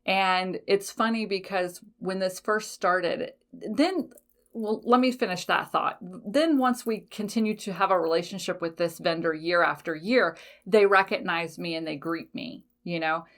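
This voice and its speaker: A woman's voice: on the low side, a little slow, a bit bright. A woman hosting a podcast in a casual solo chat, laughing often, swearing lightly and correcting herself as she goes. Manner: frequent fillers, self-corrections. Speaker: podcast host.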